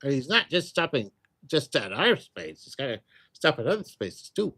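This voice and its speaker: A man's voice: medium pitch, big pitch swings, normal speed, bright, forceful tone, breathy edge. A man hosting a casual livestream, answering viewer questions in a chatty, rambling way. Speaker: psychic livestream host.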